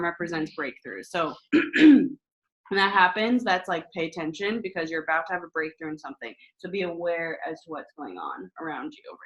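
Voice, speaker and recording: A woman in her thirties hosting a casual astrology talk, chatty and animated, swearing freely as she tells stories. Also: on the low side, highs cut off. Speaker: spiritual host.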